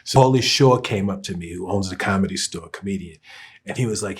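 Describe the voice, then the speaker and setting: A man's voice: lowish voice, fairly quick, breathy edge. A man telling a casual anecdote as a podcast guest, laid-back, with hesitations and chuckles.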